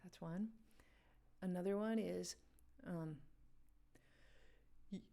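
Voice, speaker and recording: A woman's voice: fairly low pitch, takes it slowly, gravelly, mellow. A woman hosting a live music quiz game, chatting casually with viewers and laughing often. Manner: chatty, laughing, talks to chat. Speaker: livestream game host. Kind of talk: casual livestream chat.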